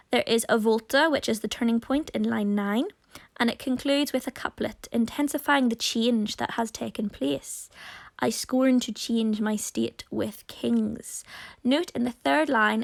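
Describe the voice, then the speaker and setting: A woman's voice: fairly high pitch, creaky. A woman teacher talking students through a poem in a recorded lesson, explaining and addressing them directly.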